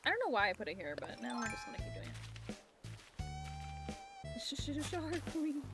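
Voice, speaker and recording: A woman with a voice a little higher than most chats her way through a game stream, giggling and tossing out casual curses. Bright game music runs clearly behind her the whole time. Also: sing-song, very fast. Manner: chatty, giggly, swears casually, talks to chat and her cat. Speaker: livestreamer. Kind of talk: casual chat while playing a game.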